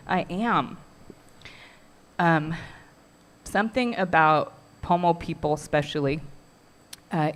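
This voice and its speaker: A middle-aged woman who weaves baskets, giving a heartfelt, earnest talk to a community workshop audience. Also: medium pitch. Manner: heartfelt and earnest, with soft laughs.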